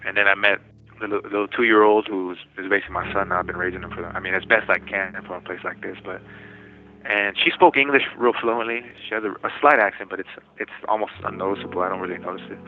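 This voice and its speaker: A man telling his own story over a prison phone call, talking in quick bursts with many restarts and laughing now and then. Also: sits low, fairly even intonation. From United States. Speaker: incarcerated interviewee. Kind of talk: phone interview, personal storytelling. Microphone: telephone. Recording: tinny prison phone line.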